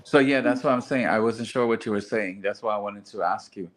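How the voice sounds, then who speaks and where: A man's voice: on the low side, brisk. A man in casual group chat, earnestly explaining his views step by step. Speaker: host.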